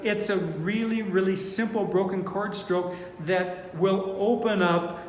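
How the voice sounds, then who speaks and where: A man teaching four-string banjo in a relaxed, unhurried way, thinking aloud with fillers as he plays. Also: high-pitched, soft background music. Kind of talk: relaxed online music lesson. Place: indoor room, playing banjo while talking. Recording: echoey room with long reverb, banjo playing behind.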